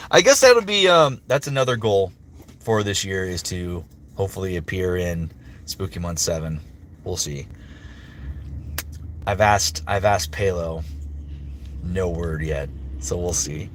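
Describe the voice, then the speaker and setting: A man's voice: sits low, expressive, a bit bright, a little hiss or hum. A man who works as a voice actor, chatting casually on a livestream and answering viewer comments with upbeat energy. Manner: chatty and upbeat, with frequent fillers and quick impressions. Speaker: voice actor streamer.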